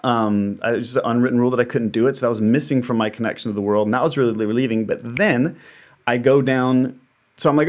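A man tells a personal story in a relaxed conversation. He is animated and acts out his own thoughts as voices, with a voice in the middle range. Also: medium pitch, fast. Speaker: actor and dancer guest. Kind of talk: casual conversation.

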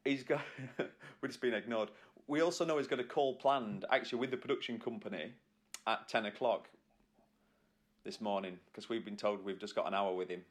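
A man co-hosting a podcast in casual chat, joking and laughing easily. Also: lowish voice. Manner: jokey, quick to laugh. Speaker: podcast co-host.

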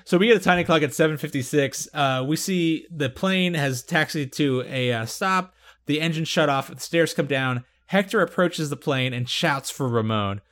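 A man chats casually as a podcast host, walking through a TV episode scene by scene. His voice sits a little high, and he slips into quick acted-out lines with laughter. He is loose and conversational. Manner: animated storytelling, acts out quotes with laughter. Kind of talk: casual chat.

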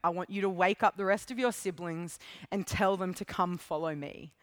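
A woman voicing a wise, stern male lion during a sermon retelling, slow, grave and quiet. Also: lowish voice, no echo, studio quality, close to an everyday voice. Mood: solemn.

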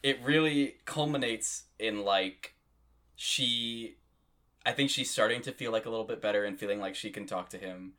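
A man co-hosting a casual podcast, recapping a TV drama scene by scene in an animated storytelling way and acting out little quoted lines as he goes. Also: fairly low pitch, normal speed. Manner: animated, storytelling with voiced asides. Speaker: podcast co-host.

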